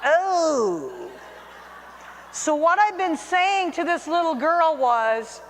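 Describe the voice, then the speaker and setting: A middle-aged woman telling a personal anecdote, lively and self-mocking, acting out her own reactions. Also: very high-pitched, drawn-out words, slight background noise. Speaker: storyteller. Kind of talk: personal anecdote told to camera. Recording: long hall reverb.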